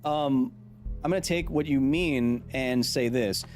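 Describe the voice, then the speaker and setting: A man's voice: medium pitch, a little slow, soft background music. A man in his thirties explaining science casually while streaming a video game, reading and answering viewer comments aloud. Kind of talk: live gaming stream commentary.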